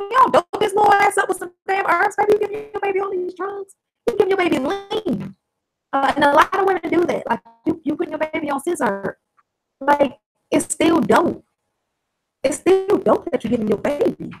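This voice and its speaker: A woman's voice: high voice, animated, a little fast, music in the background, rough recording. A woman telling a story casually on her vlog, chatty and blunt, swearing freely. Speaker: vlogger.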